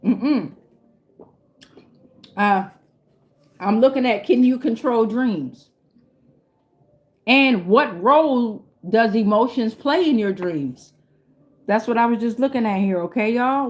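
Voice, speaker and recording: A woman's voice: fairly high pitch, lively intonation, takes it slowly, pauses often. Loose, foul-mouthed woman reading tarot. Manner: loose, profane, rambling, laughs often. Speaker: tarot reader. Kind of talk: casual tarot reading vlog.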